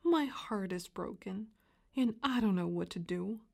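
An earnest young boy from a storybook, as a woman reader puts him on. His voice rises and falls a lot, and he speaks at an unhurried pace. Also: mid-range voice, lively intonation, creaky. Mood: glum. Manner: earnest, eager at first then glum. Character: young boy Arthur, worried and downcast.

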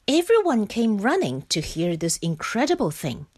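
A woman reading a children's picture book aloud, slow and expressive. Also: medium pitch, slightly rough. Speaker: storyteller.

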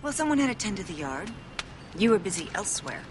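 An actress playing a hurt, sharp-tongued young woman confronting the man who left her, in a sarcastic, accusing manner. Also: medium pitch, very animated, quick pace, background noise, lightly acted. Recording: TV drama clip with faint ambience.

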